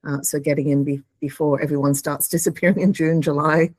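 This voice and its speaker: A woman with a lowish voice co-hosts a live webinar. She speaks in a friendly way with lots of fillers, and the sound is dry and close. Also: steady tone, brisk, a little mellow, dry recording. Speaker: webinar co-presenter.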